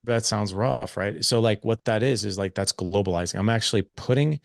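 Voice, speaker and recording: A man's voice: on the low side, a little fast, gravelly, no echo, clean studio sound. A man guest on a podcast, talking casually and loosely with many fillers as he tells stories and explains his ideas. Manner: loose, filler-heavy, storytelling. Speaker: podcast guest, men's coach.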